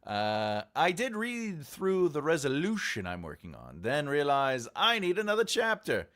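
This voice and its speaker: A man's voice: on the high side, wildly swooping pitch, measured pace, fairly bright tone. A man who is an author and writing coach, talking casually and rambling with many fillers as he addresses viewers in a livestream writing tutorial. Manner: rambling, filler-heavy, talks directly to viewers.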